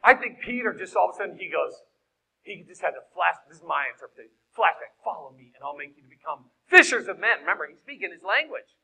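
A man preaching an animated sermon, acting out scenes in shouted voices. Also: high voice, fast, creaky, husky, rough recording. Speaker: guest preacher.

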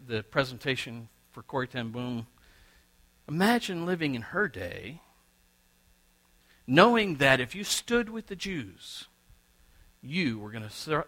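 A middle-aged male pastor preaching a sermon, swinging between loud and quiet as he acts out little exchanges. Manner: preaching with wide swings in pitch and loudness, acting out quoted exchanges.

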